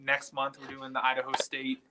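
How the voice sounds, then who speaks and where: A man talking as a guest paranormal investigator on a live show, rambling and excitable as he tells stories from inside an old building at night. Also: medium pitch, brisk, very noisy. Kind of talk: casual live chat from an investigation site.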